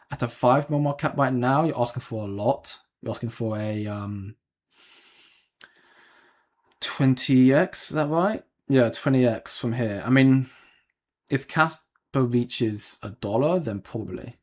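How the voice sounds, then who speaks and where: A man talks loosely on a crypto livestream, reading out viewer comments and answering them off the cuff. His voice is husky and a bit breathy. He sits at a middle pitch, hedges often and stops himself mid-sentence. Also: moderate pace. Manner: rambling, hedging, frequent ums and restarts. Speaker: crypto channel host.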